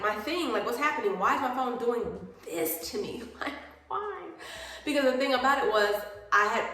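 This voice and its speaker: Young woman, chatty vlogger, animated storyteller; recorded on a phone in a very echoey room. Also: medium pitch. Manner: animated, acts out quoted people. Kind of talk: chatty storytime while doing skincare.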